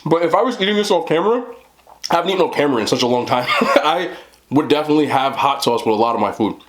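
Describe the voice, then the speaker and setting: A man's voice: on the high side, expressive, fast, fairly bright tone. A young man chatting casually to camera as a mukbang vlogger, laid-back and talking between bites with his mouth full. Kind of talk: casual talk to camera while eating.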